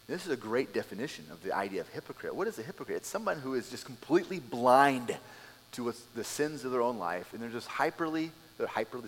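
A man preaching a sermon as a pastor, telling the scene in a lively way and acting out the people in it. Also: mid-range voice, in a large hall, a little hiss or hum. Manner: animated storytelling, acting out scenes.

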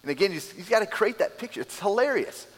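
Animated male pastor preaching in an echoing hall. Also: high-pitched, quick pace, slightly rough. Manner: animated storytelling, acting out scenes. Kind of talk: sermon.

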